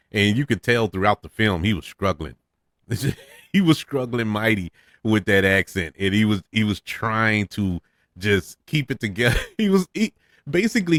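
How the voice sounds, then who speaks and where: A man's voice: on the low side, a bit bright, no echo, studio quality. A man hosting a casual spoken film review, opinionated, who chuckles often and repeats words as he thinks. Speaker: podcast host reviewing films.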